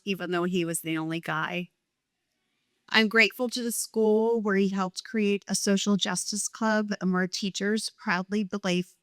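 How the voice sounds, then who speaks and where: A woman's voice: medium pitch, fairly bright tone, dry recording, clean studio sound. Emotional middle-aged woman telling a story. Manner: heartfelt, emotional, reading from pages. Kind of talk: personal story read aloud at a live event.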